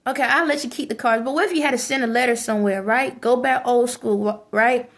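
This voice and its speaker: A high-pitched woman rants straight at her viewers. Her talk is preachy and scolding, hammering points home by repeating them. It is casual, unscripted vlog talk. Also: fairly quick. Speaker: vlogger. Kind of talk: ranting monologue to camera.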